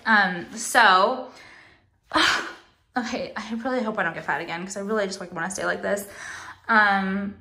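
A young woman vlogging casually at home on a phone camera, swearing often and talking in quick, restarting bursts full of "like". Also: medium pitch, pushed and bright. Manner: chatty, profane, full of "like" and restarts. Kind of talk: casual vlog chat. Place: at home, walking through rooms.

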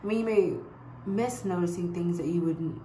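A woman's voice: fairly low pitch, normal speed, mellow, roomy sound, a little hiss or hum, low-quality recording. A woman vlogging at home in casual, rambling chat, with a lot of "like" between her words. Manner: rambling, chatty, heavy use of "like". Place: home bedroom.

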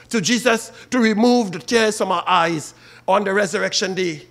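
This officiating minister, speaking with a Trinidadian accent, delivers a funeral sermon and names mourners directly. His voice sits high and has a sharp tone.

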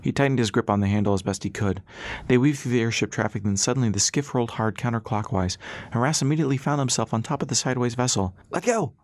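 A man narrating an audiobook in a brisk, steady storytelling manner. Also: medium pitch, no echo. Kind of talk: scripted narration.

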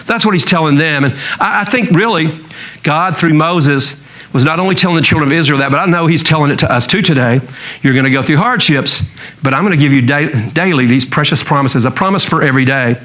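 A man's voice: fairly high pitch, a little fast, bright, forceful tone, low-quality recording. A man pastor preaching a sermon in a conversational storytelling way, chuckling now and then.

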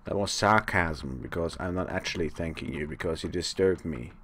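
A man's voice: low-pitched, lively intonation, normal speed, few pauses, a bit bright, a little hiss or hum. A man giving live gameplay commentary as a let's play host, sarcastic and rambling, talking to the monsters on screen. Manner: rambling, thinks aloud.

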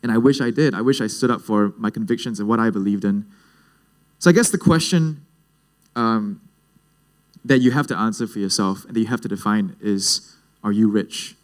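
A man's voice: on the low side, normal speed, pauses often. A man in his twenties with a Singaporean English accent, telling personal stories in a casual, jokey way at a youth leadership talk. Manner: casual, jokey, lively storytelling. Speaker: speaker at a youth leadership event.

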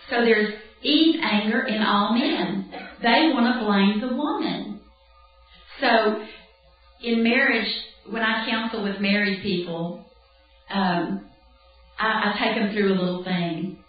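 A woman speaker teaching a conversational, animated sermon, often acting out bits of dialogue. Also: mid-range voice. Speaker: Bible camp speaker. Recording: distant, roomy, dull lo-fi hall recording with faint music.

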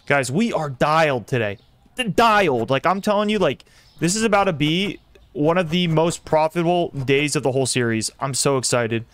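A young man streaming a simulator game, commenting excitedly and talking to his chat as he plays. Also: a little high, normal speed. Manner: excitable, talks to chat while playing. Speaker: gaming streamer. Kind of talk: live gameplay commentary.

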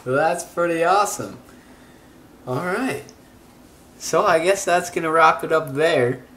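A man's voice: fairly high pitch, measured pace, bright, forceful tone, slight background noise. Easygoing male host, roomy sound. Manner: easygoing, laughs along. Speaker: podcast host. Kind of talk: casual chat. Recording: roomy echo.

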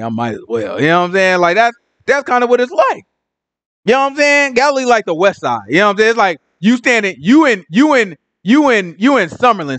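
Slangy male Bible teacher, high voice, dry close sound, acts out the characters. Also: a bit bright, dry recording.

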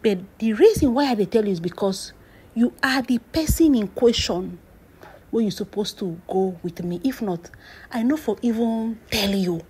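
Husky Nigerian woman dishing dramatic gossip. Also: mid-range voice, expressive, dark tone. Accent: Nigerian Pidgin English. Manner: emphatic, drawn-out phrases, whispered asides, sudden exclamations. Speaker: celebrity gossip commentator.

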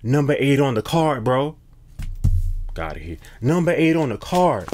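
A man's voice: medium pitch, sing-song, a little slow, a little mellow, a little hiss or hum. A man giving a casual spiritual tarot reading to his viewers, slangy and emphatic, often repeating phrases and restarting as messages come through. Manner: hesitant restarts when channeling messages. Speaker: tarot card reader.

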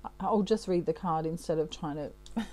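A woman giving a channelled tarot reading in a soft, warm voice that sits a little low. She talks in a loose, chatty way, often checking in with her listener. She laughs at herself easily. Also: moderate pace, low-quality recording. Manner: chatty, keeps checking in with "okay?". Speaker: tarot reader.

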